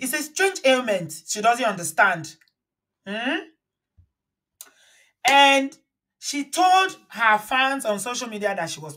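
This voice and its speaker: A woman's voice: mid-range voice, fairly bright tone. A woman hosting a casual live-stream, talking emphatically and lecturing her viewers. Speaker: live-stream commentary host.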